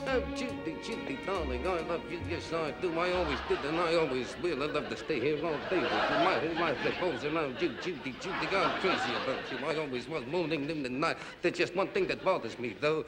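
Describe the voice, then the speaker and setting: A man's voice: a little high, lively intonation, a little fast, hardly any pauses, over loud music, a loud crowd, close to an everyday voice. A man impersonating a suave, charming middle-aged leading man who talks in a clipped way and repeats names.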